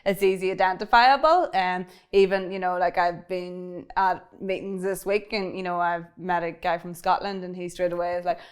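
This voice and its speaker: Fast-talking Northern Irish woman. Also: lowish voice, steady tone, smooth. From Northern Ireland, County Tyrone. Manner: quick-talking, laughs often, many fillers. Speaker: interview guest, cybersecurity expert. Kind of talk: casual interview chat.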